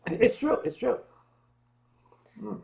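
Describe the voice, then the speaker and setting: A man's voice: sits high, sing-song, takes it slowly, creaky, darkish tone. Playful man hosting a casual stream. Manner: playful, teasing, reads viewer comments aloud. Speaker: stream host. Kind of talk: casual livestream chat.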